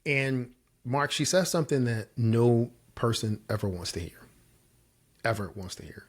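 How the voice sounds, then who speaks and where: A man in his forties telling his story on a podcast. He talks at a middling pitch and keeps it lively, leaping up in pitch whenever he acts out what he once said. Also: normal speed. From Virginia, US. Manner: animated storyteller, jumps high when quoting himself. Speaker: guest. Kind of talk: storytelling interview answers.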